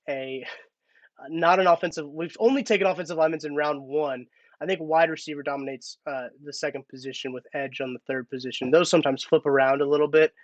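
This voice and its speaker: A man's voice: a little high, no room sound, lo-fi sound. A man hosting a casual live-stream sports talk, chatty and thinking aloud with restarts. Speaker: podcast host.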